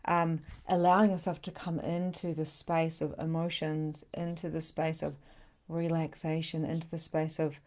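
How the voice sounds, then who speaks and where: A middle-aged spiritual coach leads a live guided meditation at normal speed, her soft, soothing voice pitched a little low for a woman and broken by breathy sighs. She shifts easily between gentle instruction and relaxed chat with viewers.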